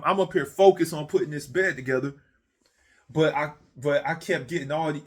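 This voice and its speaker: Sitting in his man cave, a man with a mid-range, fairly bright voice delivers a comic, profanity-laden rant as a monologue creator. He is blunt and repetitive, often stumbling and restarting his sentences.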